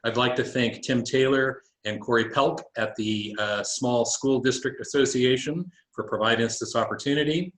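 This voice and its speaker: A man's voice: medium pitch, a bit bright. A man presenting a webinar, speaking earnestly with some fillers over a video call. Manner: earnest, thankful, measured with fillers. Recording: roomy video call audio.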